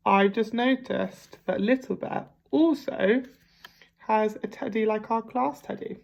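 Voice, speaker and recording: A woman teacher reading a picture book aloud to children at a gentle pace, pausing to ask them questions. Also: fairly high pitch, creaky, lo-fi sound. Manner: gentle, slow, asks the listeners questions. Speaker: primary school teacher. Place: home.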